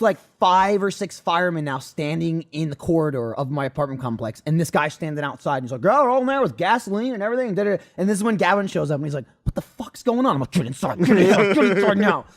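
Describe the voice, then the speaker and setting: Young guy, high voice, rattles through an anecdote in animated, sweary storytelling. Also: fast, hardly any pauses. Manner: animated, swearing, acts out quotes. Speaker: podcast regular. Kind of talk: casual storytelling.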